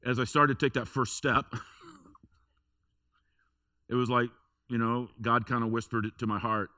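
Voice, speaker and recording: Bright-voiced man preaching a conversational sermon. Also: medium pitch, flat delivery, takes it slowly, long pauses, no room sound, clean studio sound. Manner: conversational storytelling, emphatic repetitions. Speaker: pastor. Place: church.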